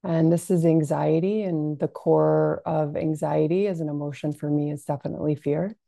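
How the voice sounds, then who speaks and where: A woman with a low, dark, gravelly voice leads a gentle guided self-soothing lesson at an unhurried pace. She speaks softly and calmly, with frequent fillers, and the sound is dry and close. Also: dry recording. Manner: soft, unhurried, calming delivery with frequent fillers. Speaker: compassionate inquiry practitioner.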